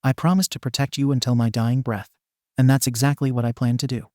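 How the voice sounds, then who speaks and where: A man reading the lines of a gentle, protective adult father in a plain, even voice for an audio story. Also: mid-range voice, a little fast, no room sound, clean studio sound, lightly acted. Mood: reassuring.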